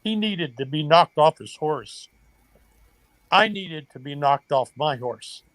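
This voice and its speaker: A man's voice: fairly high pitch, animated, slow, fairly bright tone, dry recording. An older man, a former baseball coach, earnestly telling a family story in a podcast interview. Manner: emotional, earnest storytelling with quoted dialogue. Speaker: guest, retired baseball coach.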